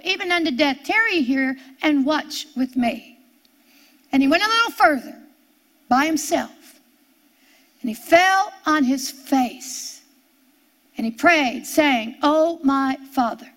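A woman teaching a sermon, reading scripture aloud and repeating key lines with slow, drawn-out emphasis. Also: high-pitched, expressive, fairly bright tone. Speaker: Bible teacher.

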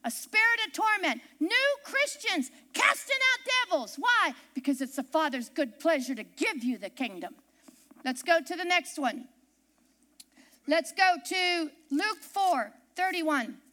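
A woman's voice: very high voice, lively intonation, a little slow, sharp tone. A woman pastor preaching a sermon from the pulpit, telling stories with emphasis and repeating key phrases.

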